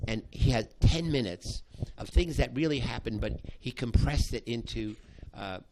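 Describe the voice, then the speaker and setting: Older guy telling a story, stops and restarts a lot, middle pitch, bit of faint hiss behind. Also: lively intonation. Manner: halting, with many restarts, acting out quoted voices. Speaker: psychology professor recounting a past study. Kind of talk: spoken storytelling to an audience.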